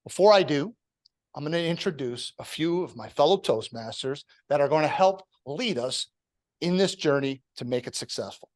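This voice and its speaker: A man hosting a public-speaking club meeting, giving an earnest, measured prepared talk before introducing the next speaker. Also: fairly high pitch, expressive. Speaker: meeting host.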